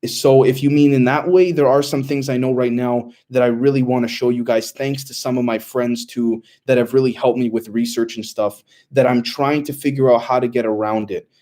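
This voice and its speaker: A man's voice: medium pitch, fairly even intonation, moderate pace, hardly any pauses, mellow. A young man hosting a casual livestream, reading out chat questions and answering in a loose, rambling way with many fillers.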